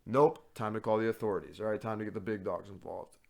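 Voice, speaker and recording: A man co-hosting a podcast, telling a story in a casual, animated and profane way. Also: on the low side, creaky. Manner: animated, profane, quick to act out others. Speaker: podcast co-host.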